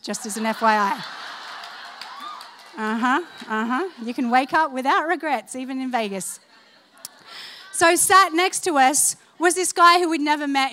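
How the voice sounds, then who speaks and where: A woman's voice: high-pitched, normal speed. A woman preaching a sermon, telling funny stories, laughing along and calling on the congregation to respond. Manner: animated, humorous, laughing through stories. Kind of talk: sermon with storytelling.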